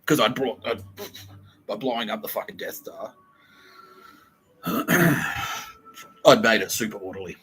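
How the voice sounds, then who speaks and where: Young man, cursing podcast host, sharp, tense voice, lowish pitch. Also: slight background noise, poor audio. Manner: rambling, profane, laughs a lot. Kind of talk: casual comedic monologue.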